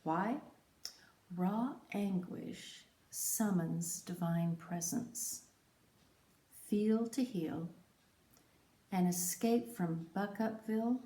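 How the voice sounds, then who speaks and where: A woman telling her own story in scripted, reflective narration, with a measured, poetic and emphatic delivery. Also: lowish voice, dark tone. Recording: roomy echo.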